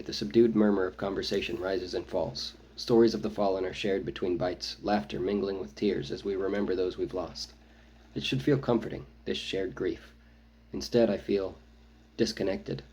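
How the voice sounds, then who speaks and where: A man reading his own novel aloud, first-person audiobook narration with a measured, brooding delivery. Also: low voice, steady tone, a little mellow, slightly rough, poor audio.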